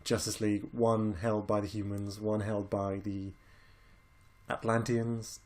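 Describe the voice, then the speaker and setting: A man's voice: on the low side, little pitch movement, a little slow, darkish tone. A British man casually chatting about films as a podcast co-host, laid-back and rambling, swearing now and then. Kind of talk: casual film chat.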